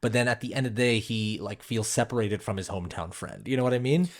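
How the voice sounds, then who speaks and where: A man's voice: medium pitch, quick pace. A man co-hosting a podcast, talking casually about a film and leaning on "like" and "you know" as he goes. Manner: animated, full of "like" and "you know". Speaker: podcast co-host.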